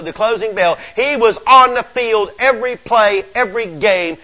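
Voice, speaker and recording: A Southern man preaches in a folksy, emphatic way, calling out "come on now" to his congregation. His voice sits high and sounds bright and forward. The recording is muffled and lo-fi. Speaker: pastor. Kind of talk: sermon.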